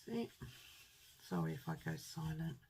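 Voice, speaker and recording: Slow, gravelly woman crafting. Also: low-pitched, warm tone, slight background noise, rough recording. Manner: rambling, self-deprecating, muttering to herself as she works. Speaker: card-making crafter. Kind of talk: chatty crafting tutorial.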